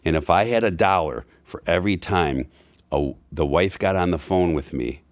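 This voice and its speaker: A man in his fifties with a very deep, low-pitched voice tells stories in a relaxed chat. He slips in and out of the lines of the people he quotes, with asides and restarts. The recording is dry and close, with almost no room sound. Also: normal speed, no echo. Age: 50s. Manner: storytelling, acting out quoted dialogue. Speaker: podcast guest. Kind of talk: casual conversation. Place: Florida.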